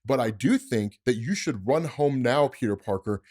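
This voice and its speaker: Man putting on a slow menacing supervillain. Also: animated, darkish tone, close to an everyday voice. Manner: slow, low, deliberate threats. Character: scheming menacing male supervillain, calm, threatening.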